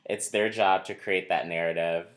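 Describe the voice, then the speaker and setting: Very deep-voiced rambling man. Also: steady tone, moderate pace, fairly bright tone. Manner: rambling, digressive, many fillers and restarts. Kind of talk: casual conversation.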